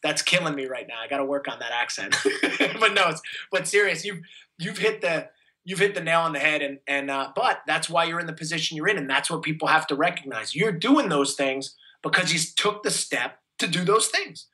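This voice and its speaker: A man's voice: fairly high pitch, expressive, fairly quick, bright, forceful tone, poor audio. A man, giving an enthusiastic, motivational interview as a fitness coach. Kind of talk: energetic interview talk.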